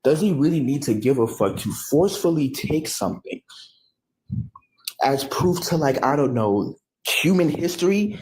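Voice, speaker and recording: A man's voice: fairly high pitch, lively intonation, moderate pace, darkish tone, poor audio. An American man giving a rambling, profane reaction commentary, often stopping to correct himself. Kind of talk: casual ranting commentary.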